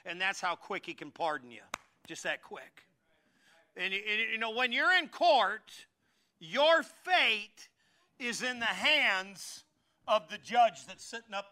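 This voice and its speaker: Animated, bright-voiced preaching man. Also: sits high. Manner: animated, jokey, swings between shouting and muttering asides. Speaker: pastor. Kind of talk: storytelling sermon.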